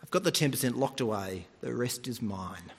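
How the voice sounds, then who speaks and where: Male preacher, animated sermon delivery, high and expressive, long reverb. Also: moderate pace, slightly rough. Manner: animated storytelling, mimics voices.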